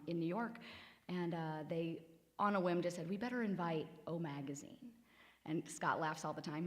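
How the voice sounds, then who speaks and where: A woman guest on a live radio interview at a theater, animatedly telling a story and acting out quotes. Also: on the low side. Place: theater venue, live broadcast. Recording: long hall reverb.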